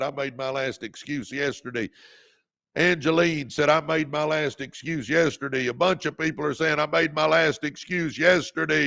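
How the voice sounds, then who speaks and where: Fervent man, gravelly voice. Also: a little high. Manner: preacher-like, fervent, calls viewers baby, shouts encouragement. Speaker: livestream host. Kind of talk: motivational livestream talk.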